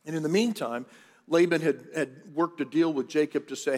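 Chatty middle-aged pastor in an echoing hall. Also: male voice, on the high side, normal speed, darkish tone. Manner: chatty, jokey asides to the congregation. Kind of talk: conversational sermon storytelling. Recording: long church hall reverb.

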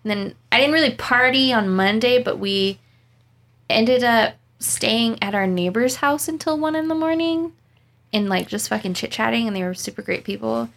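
A woman's voice: a little high, expressive, normal speed, creaky, fairly bright tone. A young woman co-hosting a casual podcast, telling rambling, profane stories about her work week. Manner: profane, rambling storytelling with laughs. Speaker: podcast co-host, dog groomer. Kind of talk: casual chat.

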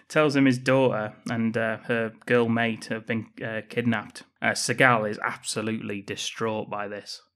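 A man's voice: lowish voice, flat delivery, unhurried, hardly any pauses, fairly bright tone. Dry man recapping a film. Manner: sweary, dry, recaps the plot. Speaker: podcast co-host. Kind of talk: casual film-review chat.

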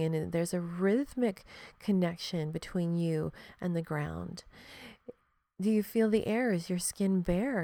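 A woman hosts a podcast in a loose, reflective monologue, talking frankly and straight to the listener. She swears freely and laughs often. Her voice sits fairly low, and the sound is dry and close. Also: slow, mellow, no echo. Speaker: podcast host.

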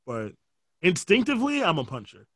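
A young man hosting a podcast in casual chat, asking questions with halting restarts and dry, teasing quips. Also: high-pitched, huge pitch swings, fairly bright tone, no echo. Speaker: podcast host.

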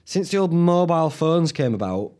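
A man's voice: a little high, big pitch swings, moderate pace, a little mellow, slight background noise. A young man, hosting a casual solo podcast from home, rambling and swearing freely. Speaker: podcast host. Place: indoors at home.

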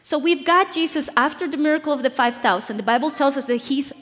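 A young woman from Bolivia, preaching a lively storytelling sermon with playful asides to the congregation. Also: high-pitched, fast talker, in a large hall. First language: Spanish. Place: church.

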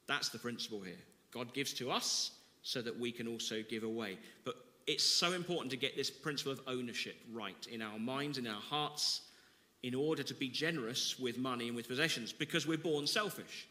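A man's voice: medium pitch, moderate pace, sharp tone, in a large hall. A man preaching a sermon, reading scripture with dramatic emphasis and then explaining it conversationally. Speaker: pastor.

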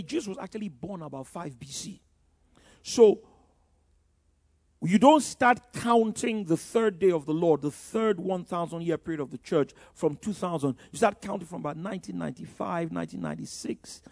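A man's voice: high voice, creaky, darkish tone, dry recording, clean studio sound. An older male pastor preaching a sermon, emphatic, with frequent "you know" fillers and stumbling restarts.

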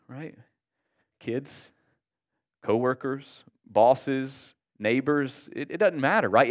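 A male pastor with a medium-pitched voice preaches a sermon. His manner is earnest and conversational, and he checks in with the congregation often.

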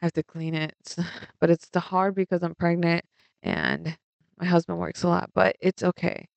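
A young woman telling a story in a casual vlog, animated and rambling, laughing often and swearing freely. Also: fairly low pitch, normal speed, vocal fry, no echo, lo-fi sound.

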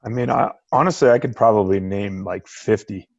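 A man's voice: fairly low pitch, moderate pace, vocal fry, no echo, highs cut off. A man in his thirties, a baseball coach answering on a panel in a reflective, conversational way.

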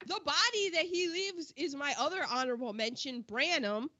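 A high, bright woman's voice that swoops up and down as she chats about a film. She tells the story in an animated, exclamatory way with slang. The recording sounds a bit dull and lo-fi. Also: moderate pace. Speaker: podcast co-host. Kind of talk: casual film discussion.

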